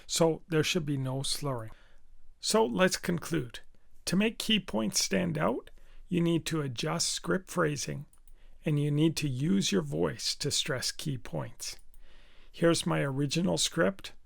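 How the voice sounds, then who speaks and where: A man teaching business communication in a lesson video, speaking deliberately and stressing key words to demonstrate. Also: a little high, gravelly.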